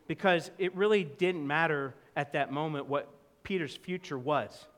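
An earnest man preaching a storytelling sermon, his voice sitting a bit high for a man. He swings from loud, pressing emphasis down to soft, close lows. The sound carries a long reverb from a church hall. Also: moderate pace. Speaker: pastor.

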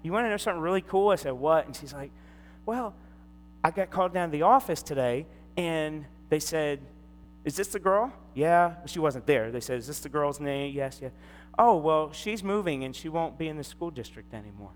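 A man's voice: on the high side, moderate pace. A middle-aged man preaching a sermon, telling a personal story and acting out the voices in it. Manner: storytelling, animated, acts out quoted voices. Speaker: pastor. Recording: long hall reverb, faint hum.

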